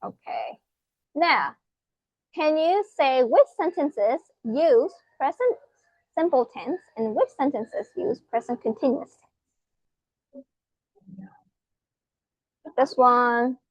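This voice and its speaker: Woman teacher going slow, spells stuff out letter by letter, kinda dull lo-fi mic. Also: high voice, very animated, dry recording. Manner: patient, spells out letters, asks rhetorical questions. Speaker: English teacher. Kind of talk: slow explanatory grammar lesson.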